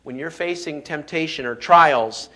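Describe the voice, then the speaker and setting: A man's voice: on the high side, unhurried, bright, forceful tone. A pastor delivering a sermon, preaching emphatically, reading scripture aloud and often restarting his sentences.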